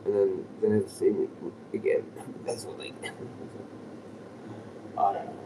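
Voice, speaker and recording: This livestreamer's voice runs low, swinging hugely in pitch as he talks a little slowly. He chats in a loose, rambling way outside, chuckling and often lowering to a whisper, while a far-off mic catches plenty of outdoor noise.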